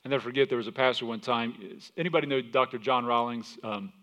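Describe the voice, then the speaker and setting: A man's voice: medium pitch, quick pace, highs cut off. A male pastor preaching a sermon, telling stories animatedly, with frequent restarts. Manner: animated storytelling with repeated restarts.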